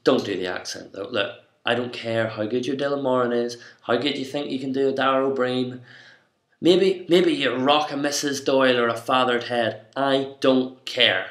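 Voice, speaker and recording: A young Irish comedy vlogger delivers a mock-stern, bossy comic rant to camera in an echoey room. His mid-range voice is a bit bright, at a moderate pace.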